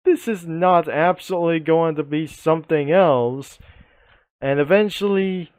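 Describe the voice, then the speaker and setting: A man tells a comic story slowly, circling back over the same points and repeating himself. His voice sits in a middle pitch and is recorded dry and close, with no room sound. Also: darkish tone, smooth, no echo. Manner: rambling and repetitive.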